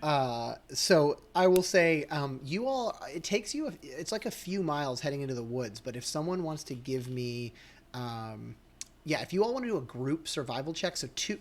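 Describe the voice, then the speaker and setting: A man narrating as game master of a tabletop game, hesitant, with many pauses. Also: on the high side. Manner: hesitant, many ums and restarts.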